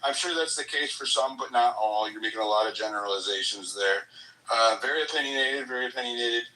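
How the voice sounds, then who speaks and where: A man's voice: medium pitch, fast talker, pushed and bright, recorded from a distance, low-quality recording. A man hosting a call-in stream, cutting in with stammering, placating interruptions. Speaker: host.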